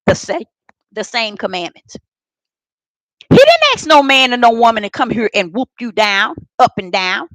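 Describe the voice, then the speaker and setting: A high-voiced woman preaching to a live online audience, her pitch leaping and sinking as she goes. Her tone is bright and sharp, and she stresses points by repeating words, moving from loud cries down to near-whispers. The sound is close and dry. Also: sing-song, moderate pace, no room sound, rough recording. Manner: emphatic, repeats words, swings from shouts to soft murmurs; talks directly to the live chat audience. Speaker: preacher teaching a live-streamed Bible study. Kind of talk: preaching Bible study.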